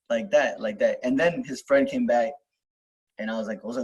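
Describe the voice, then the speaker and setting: A man's voice: mid-range voice, a little fast, breathy edge, rough recording. A young man telling a personal story in casual, rambling talk, full of fillers, restarts and swearing, as host of a self-help video.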